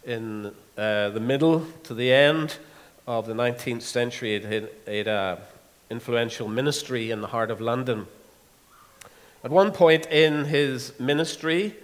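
Guy preaching a sermon, earnest, lots of uh's, mid pitch voice, long hall echo. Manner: earnest, with many pauses and fillers. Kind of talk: expository sermon.

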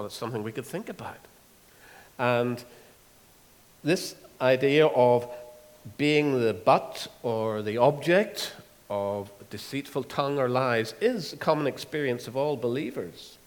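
A man's voice: medium pitch, expressive. Earnest man preaching in a reverberant hall. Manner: earnest, with many pauses and fillers. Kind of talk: expository sermon.

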